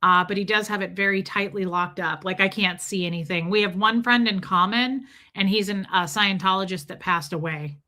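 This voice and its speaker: Chatting straight to her audience on a laid-back livestream, a woman replies to incoming comments in a bright, forward, mid-range voice. She's emotional and talkative, frequently starting sentences over, at normal speed with hardly any pauses.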